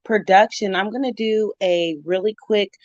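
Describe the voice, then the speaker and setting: A woman's voice: medium pitch, moderate pace, no room sound. A middle-aged woman from California, a mother of sons, giving an opinionated reaction vlog and talking straight to the viewer late at night at home. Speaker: vlogger reacting to another channel. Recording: dull lo-fi sound.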